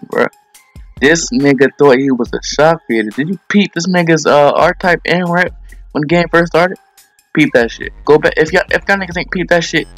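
A man's voice: mid-range voice, a bit bright, no echo. A young man giving heated, profane commentary over his own gameplay video, ranting with lots of slang.

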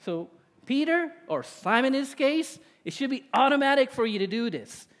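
A man's voice: extremely high pitch, sing-song, moderate pace, in a large hall. A male pastor preaching a sermon in a conversational way, often checking in with "right?". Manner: conversational, with tag questions.

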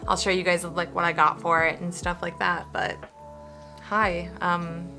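A woman's voice: fairly low pitch, level tone, a little slow, sharp tone, faint music behind. A young woman sewing vlogger chatting casually at home, rambling with fillers and little laughs. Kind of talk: casual vlog.

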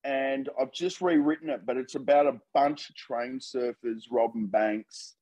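A man, a filmmaker guest, chatting casually and telling animated stories in an interview. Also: mid-range voice, measured pace, rough recording.

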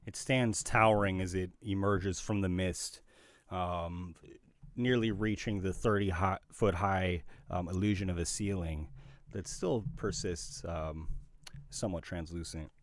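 A man narrating a tabletop game as game master, halting with many fillers. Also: sits low, fairly even intonation, dry recording.

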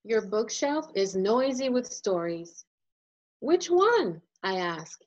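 A woman illustrator reading a children's picture book aloud, as a gentle and expressive storyteller. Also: mid-range voice, slow pace, muffled recording.

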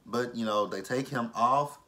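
A man hosting a casual reality TV recap vlog, animated and profane, laughing often. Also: mid-range voice, measured pace.

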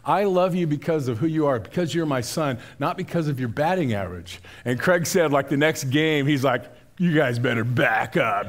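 An older man, a pastor, preaching a sermon in a conversational, storytelling way with frequent restarts. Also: on the high side. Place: church sanctuary.

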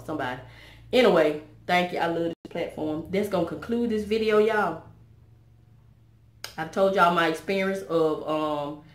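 An older woman talks through an unboxing vlog in a fairly low voice. She is effusive and churchy, calling her viewers y'all and baby. The room around her gives a clear echo. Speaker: vlogger.

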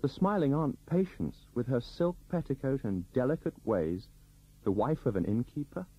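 A man reading a novel aloud as an audiobook narrator, in scripted narration with a lively, varied delivery. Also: medium pitch, normal speed, slightly rough. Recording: dull lo-fi recording.

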